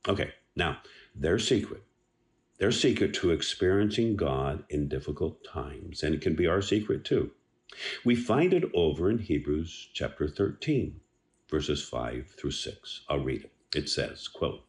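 A man giving an earnest devotional talk on a Bible passage, unhurried and repeating words as he starts his phrases. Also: low-pitched, big pitch swings, darkish tone. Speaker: radio devotional speaker.

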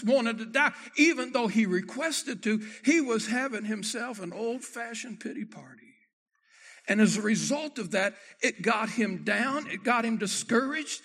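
Preacher, male, high bright tone, dramatic loud-to-soft delivery, acts out quoted scripture. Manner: acts out the prophets' words in quoted speech. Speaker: pastor. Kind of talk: sermon.

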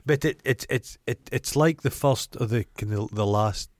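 A man's voice: mid-range voice, no echo, clean studio sound. A man with a Scottish accent, co-hosting a podcast, opinionated and sweary in casual chat. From Scotland. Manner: opinionated, sweary, quick to tease. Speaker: podcast co-host.

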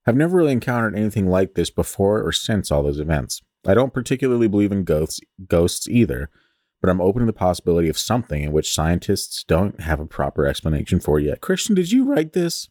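Young male podcast host, low voice, very animated pitch, joking asides, dry close mic. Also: fast, dry recording. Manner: joking, swears casually, breaks off to tease. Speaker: podcast co-host reading listener stories. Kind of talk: casual chat and story reading.

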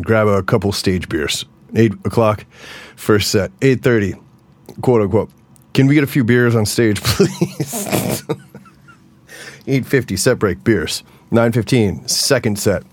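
A man with a somewhat low speaking voice talks through a casual solo podcast episode. He rambles from one thought to the next, chatty and enthusiastic, and often breaks into laughs. He talks from an indoor practice room. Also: darkish tone, husky, no echo. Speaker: musician and podcast host.

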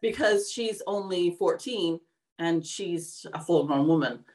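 A woman's voice: fairly low pitch, a little slow, darkish tone. A middle-aged woman co-hosting a podcast, speaking earnestly and encouragingly in casual chat. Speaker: podcast co-host.

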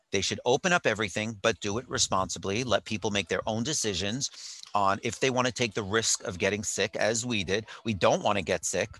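A man's voice: on the low side, bright, forceful tone, dry recording. A man telling a rambling story in casual chat, with wry jokes, from a hotel while on vacation. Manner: chatty, rambling, wry asides.

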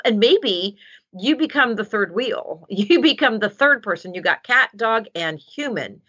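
A woman dog trainer giving casual, animated advice and acting out what a dog might say. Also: on the high side, measured pace, husky. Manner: animated, acts out dog voices. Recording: dull lo-fi sound.

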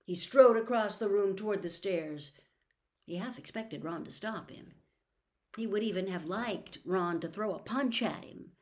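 A woman reading a novel aloud as a serialized storytime episode, softly, slipping into a whisper at tense moments. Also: medium pitch. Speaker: audiobook reader.

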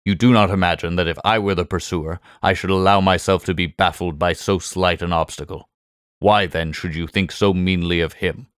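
A man voicing a cool, brilliant middle-aged detective who speaks in a calm, measured, quietly superior way. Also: deep voice, clear, resonant tone, dry recording, studio quality. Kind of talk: audiobook character voice.

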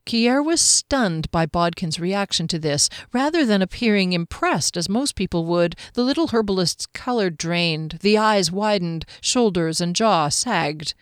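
A woman narrating a fantasy audiobook in a steady, measured storytelling manner. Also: lowish voice, clear, resonant tone, no room sound, studio quality. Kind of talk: scripted narration.

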